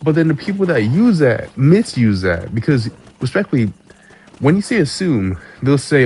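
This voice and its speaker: A man's voice: mid-range voice, big pitch swings, normal speed, darkish tone, husky. A man ranting casually to camera, stammering and swearing, often breaking into laughs. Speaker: vlogger. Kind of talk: casual rant.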